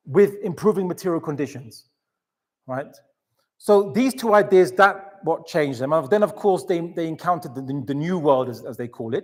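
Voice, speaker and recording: Lively man lecturing, slightly high voice. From England. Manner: animated, chatty storytelling with many restarts and asides. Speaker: Islamic lecturer. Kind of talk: lecture to a live audience.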